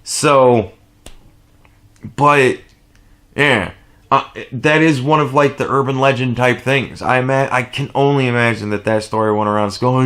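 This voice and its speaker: A vlogger nearing forty tells a rambling, swear-filled story in a steady tone, a little on the slow side. He keeps laughing and shifts from low mumbles to loud outbursts.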